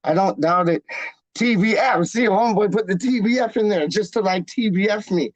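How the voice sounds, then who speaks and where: A man hosting a live stream, chatting casually with his viewers in an animated, jokey way full of slang. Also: sits high, normal speed, no room sound, low-quality recording. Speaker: livestream host reading chat. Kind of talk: casual chat.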